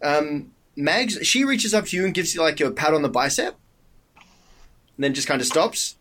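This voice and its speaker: A man narrating as game master in a tabletop game, animated and quick to laugh. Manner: animated, laughing, jumping up in pitch when excited.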